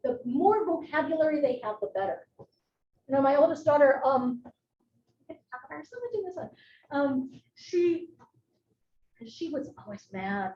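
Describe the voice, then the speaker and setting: A middle-aged woman giving a live educational talk as a nurse presenter, chatty and animated, with personal asides. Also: high-pitched, normal speed, pauses often. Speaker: psychiatric nurse practitioner, presenter. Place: presentation room. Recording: echoey room, distant mic, muffled, faint noise.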